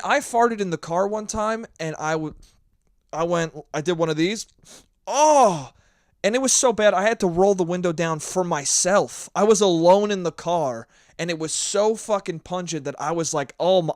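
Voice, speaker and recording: A man's voice: fairly high pitch, no echo, studio quality. A man hosting a solo podcast, rambling and profane in a casual, self-mocking monologue. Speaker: podcast host.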